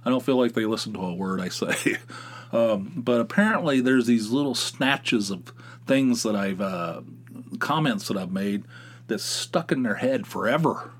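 A middle-aged man talks through a casual podcast monologue at an ordinary, middle pitch. He rants at his listeners' calls, and his voice jumps up when he gets worked up. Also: measured pace, slightly rough. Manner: animated ranting, voice jumping up when worked up. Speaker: podcast host. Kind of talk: casual solo podcast monologue, responding to callers.

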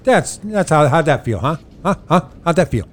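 A man's voice: on the high side, very animated, normal speed. A man voicing a sarcastic male gnome adventurer who needles a rude guard. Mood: teasing. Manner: sarcastic, teasing. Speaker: player.

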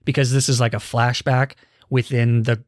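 A man's voice: mid-range voice, little pitch movement, moderate pace, no room sound, studio quality. A man in his twenties chatting casually as a podcast host, running a quiz game with his co-host. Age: 20s. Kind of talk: casual chat.

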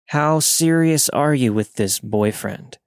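A man's voice: medium pitch, slow, clean tone, dry recording, studio quality. A man playing a drawling, sleazy trucker. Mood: leering. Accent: Southern US drawl. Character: crude flirty middle-aged male trucker turning nasty.

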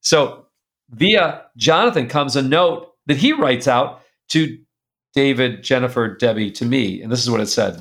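Gravelly older man telling a story. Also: medium pitch, a little slow. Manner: animated storyteller who laughs often and reads letters aloud. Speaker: guest. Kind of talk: personal storytelling in an interview.

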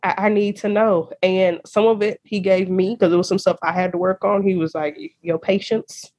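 A woman in her thirties hosting a faith podcast, talking in an animated, casual way and laughing often. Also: medium pitch, normal speed. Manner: animated, laughs often, uses y'all and girl. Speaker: podcast host. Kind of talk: casual chat.

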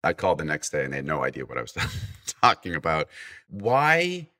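A man telling a long personal story as a guest on a casual interview show. He acts out the voices in the story and often stops to restart his sentences. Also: a bass voice. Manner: animated anecdote, acting out quoted voices; halting, with many restarts. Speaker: podcast guest.

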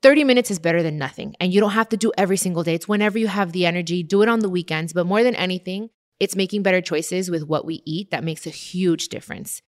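A woman's voice: on the low side, quick pace, few pauses. A woman, hosting a casual advice chat and switching between English and Spanish. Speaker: host answering listener questions.

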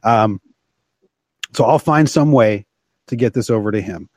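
A man's voice: fairly low pitch, a little mellow, no room sound. A man hosting a live podcast stream, chatting casually and jokily with lots of fillers and restarts. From Canada. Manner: rambling, jokey, halting with many fillers. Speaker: livestream podcast host.

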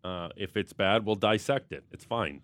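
A man's voice: on the low side, normal speed, fairly bright tone, dry recording. Man, sports radio host, chatty, jokey asides, dry close studio sound. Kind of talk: casual studio banter.

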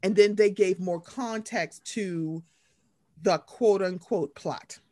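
A woman's voice: mid-range voice, slow pace, no echo, studio quality. A woman, recapping reality TV gossip in casual chat and acting out quotes. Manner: animated gossip, acts out quotes. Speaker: podcast co-host.

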